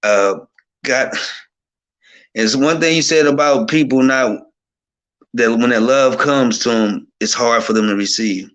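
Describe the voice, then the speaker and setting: A man's voice: mid-range voice, a little slow, pauses often, a bit bright. A man telling an emotional personal testimony as a guest, fervent and overwhelmed, often restarting his sentences.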